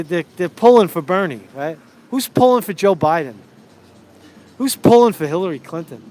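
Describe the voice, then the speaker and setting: A man's voice: high-pitched, a little mellow. A man giving casual political commentary on a live stream while walking outdoors on a city street, ranting and profane, rambling through many restarts and a little winded. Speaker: political vlogger.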